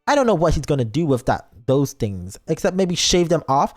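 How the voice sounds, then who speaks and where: A man's voice: a little high, very animated, a little fast, darkish tone, faint music behind. A man streaming as a VTuber, reading a story game aloud and breaking off for teasing asides to chat. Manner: playful, reads lines aloud and reacts with teasing asides.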